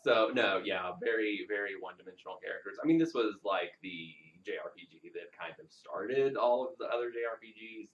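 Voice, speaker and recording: Low-voiced joking man on a dull recording. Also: fairly quick, few pauses, a bit bright. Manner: joking, laughs often, playfully sarcastic. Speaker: podcast co-host. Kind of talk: casual review chat. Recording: dull lo-fi sound.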